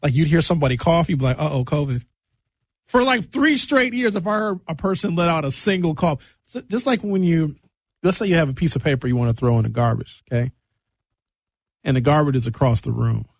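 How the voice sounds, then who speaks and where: A young man hosting a radio show, chatting casually with jokes and quick tangents. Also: on the high side, no room sound. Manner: animated, jokey, jumps between tangents. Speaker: radio host.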